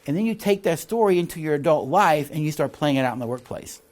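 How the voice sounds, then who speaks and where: A leadership instructor, a man with a slightly high voice, talks fast in a recorded teaching lecture. He explains concepts, reads from the text, and animatedly asks listeners "all right?" and "see?" to check they agree.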